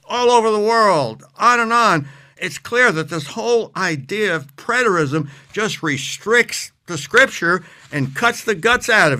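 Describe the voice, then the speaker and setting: A man teaching on scripture as an interview guest, speaking emphatically and reading verses slowly. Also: fairly high pitch, pushed and bright.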